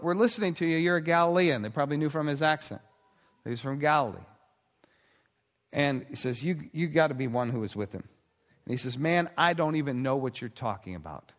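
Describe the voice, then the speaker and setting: A man preaching with earnest conviction, his fairly high voice carrying a long reverb through the hall. He slows and pauses to stress key moments. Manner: earnest, with dramatic pauses and slowed emphasis. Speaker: pastor. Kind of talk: sermon.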